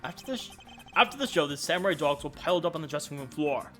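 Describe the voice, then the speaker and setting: A woman voicing a composed, formal male prosecutor who reasons deliberately in a game let's play. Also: low voice, animated, soft background music. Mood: deliberating.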